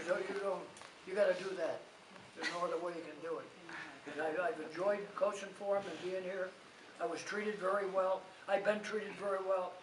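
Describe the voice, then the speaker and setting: A man's voice: sits high, fairly bright tone. An older man, a retiring school coach, telling blunt, chuckling stories at a gathering. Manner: blunt, chuckling, rambling anecdotes. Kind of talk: casual storytelling at a gathering. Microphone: far from the mic. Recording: echoey, distant, noisy hall.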